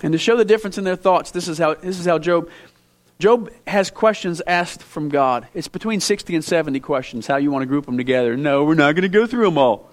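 Emphatic preacher man, fairly high voice. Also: lively intonation, fairly quick. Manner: emphatic, with sudden loud rises and quiet drops; conversational, asks the listeners direct questions. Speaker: pastor. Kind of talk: sermon. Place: church before a congregation.

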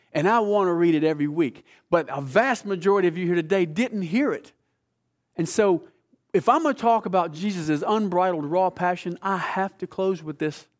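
A male pastor with a slightly high voice delivers a heartfelt sermon. He rises into loud, emphatic bursts, then drops to a slow, near-hushed tone as he reads scripture and draws the congregation close.

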